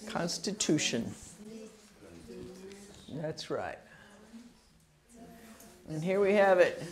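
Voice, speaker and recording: In a mid-range voice full of lively intonation, a woman patiently runs pronunciation drills for a citizenship test class. She goes slowly, over-enunciating and breaking words into syllables.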